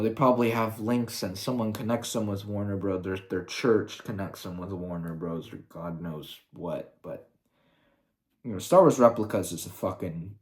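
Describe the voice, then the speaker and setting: A man's voice: lowish voice, a little mellow. Heated, profane young man ranting. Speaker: YouTuber. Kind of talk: ranting video commentary.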